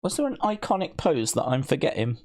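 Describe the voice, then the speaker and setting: A man hosting a live stream, reading viewer comments aloud in casual, playful chat and teasing them, often leaping into a high mock-outraged voice. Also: very animated, a little fast, darkish tone. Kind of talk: casual watch-along chat.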